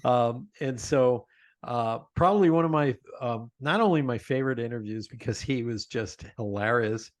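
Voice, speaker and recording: A man guesting on an interview podcast, telling animated stories about his own show and laughing often. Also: mid-range voice, moderate pace, dry recording. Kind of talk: conversational interview.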